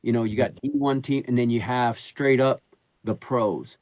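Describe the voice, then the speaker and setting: A middle-aged man in sales, a podcast guest, telling stories in a lively, slangy way in a casual conversation. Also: mid-range voice, normal speed, dry recording. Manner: animated storyteller using slangy street talk.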